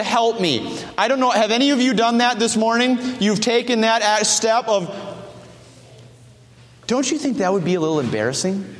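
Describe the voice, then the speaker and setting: A man preaching a sermon, animated, acting out the voices of people he quotes. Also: very high-pitched. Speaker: pastor. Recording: church hall reverb.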